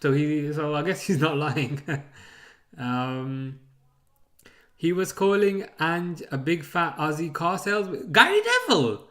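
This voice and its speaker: A man's voice: on the high side, steady tone, takes it slowly. A man hosting a live football watchalong, chatting casually, rambling and chuckling as he reads out chat messages.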